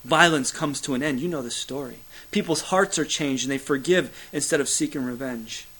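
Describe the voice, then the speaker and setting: A man preaching a sermon, building to loud emphatic peaks, then dropping to hushed, low lines, with a repetitive preaching cadence and occasional fillers. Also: normal speed, husky, rough recording. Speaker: pastor.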